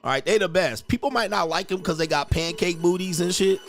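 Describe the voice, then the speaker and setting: A man's voice: high voice, fairly quick, over music. A man hosting a livestream, ranting crudely and rambling, constantly saying "all right" between points. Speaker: livestream host. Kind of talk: casual livestream rant.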